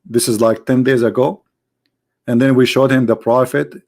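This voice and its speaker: A man's voice: medium pitch, steady tone, normal speed, a little mellow. A man hosting a live-streamed debate who talks in a mocking, sarcastic and theatrical way. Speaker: debate host.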